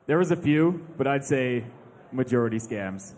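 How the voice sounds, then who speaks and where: A man answering as a panel guest, low-key and hesitant. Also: animated, moderate pace, a little mellow. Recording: live hall with long reverb.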